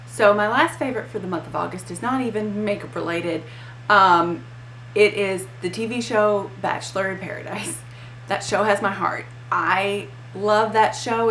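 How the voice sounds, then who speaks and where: A woman's voice: medium pitch, a bit bright, reverberant, slight background noise, rough recording. A woman in her thirties chatting casually about her monthly beauty favorites, full of "like" and "um" and little playful rants. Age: 30s. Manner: chatty, lots of likes and ums, playful rants. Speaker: beauty vlogger.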